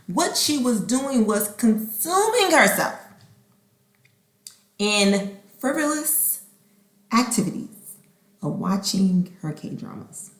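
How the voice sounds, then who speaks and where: A woman hosting a podcast in a casual, expressive monologue. She acts out conversations and sometimes slips into a whisper. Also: fairly high pitch, slow, pauses often. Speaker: podcast host. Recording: roomy echo.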